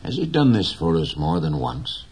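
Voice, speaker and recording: A man voicing a gentle, dignified old fisherman in an audiobook reading, slow and measured. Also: rumbling low, huge pitch swings, husky, exaggerated voice.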